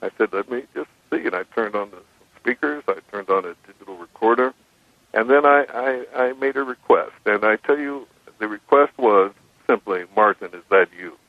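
A man with a fairly low voice calls in to a radio programme. He recounts his experiments patiently, often restarting his sentences. He comes through a thin, dry telephone line. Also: no echo. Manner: measured, storytelling with many restarts. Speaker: guest describing his recording experiments. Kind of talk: phone-in radio interview. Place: on a phone call to a radio show. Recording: dry tinny phone line.

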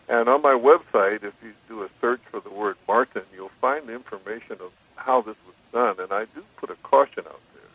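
A man with a fairly low voice calls in to a radio programme. He recounts his experiments patiently, often restarting his sentences. He comes through a thin, dry telephone line. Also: dry recording. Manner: measured, storytelling with many restarts. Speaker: guest describing his recording experiments. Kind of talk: phone-in radio interview. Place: on a phone call to a radio show. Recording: dry tinny phone line.

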